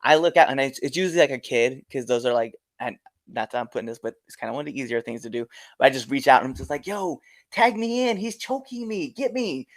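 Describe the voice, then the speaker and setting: A man's voice: medium pitch, rapid-fire, no room sound, studio quality. A man who is a guest wrestler, talking casually and laughing often as he tells stories from the ring. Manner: lively, laughs often while telling stories. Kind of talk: casual conversation.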